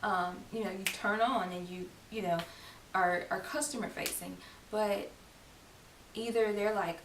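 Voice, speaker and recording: A woman's voice: mid-range voice, fairly even intonation, measured pace. A young woman vlogging in a casual, chatty way, with laughing asides and quoted lines acted out. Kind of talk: casual talk to camera. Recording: roomy echo, distant mic, faint hiss.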